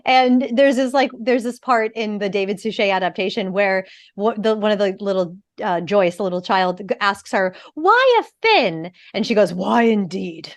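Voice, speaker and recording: A woman who is an actor and podcast host, chatting in an animated, opinionated way and swearing freely. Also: medium pitch, normal speed, few pauses, no echo, studio quality. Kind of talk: casual podcast chat.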